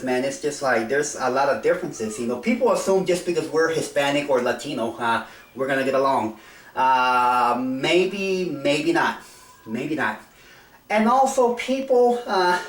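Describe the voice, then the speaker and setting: Speaking off-the-cuff to camera, this middle-aged South Texas vlogger wanders through his thoughts with plenty of fillers and false starts. His pitch is fairly high. The audio feels roomy, picked up from well back from the microphone.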